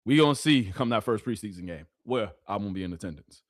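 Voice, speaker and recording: Animated man hosting a live stream. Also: lowish voice, quick pace. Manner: animated, repeats phrases, talks to chat. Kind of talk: casual live-stream commentary.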